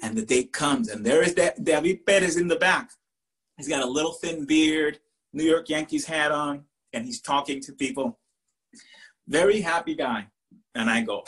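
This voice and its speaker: A Spanish-speaking man from Puerto Rico with a Puerto Rican accent, a teacher telling animated personal stories and slipping into voices. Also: fairly high pitch, moderate pace. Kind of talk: storytelling talk.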